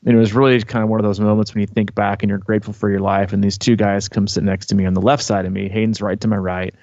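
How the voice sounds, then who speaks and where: A lower-voiced man rambles through a story on a podcast, piling on fillers and false starts. The sound is dry and a little dull, close to lo-fi. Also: quick pace, dry recording. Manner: rambling, animated storyteller with many fillers and restarts. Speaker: podcast co-host. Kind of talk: casual storytelling chat.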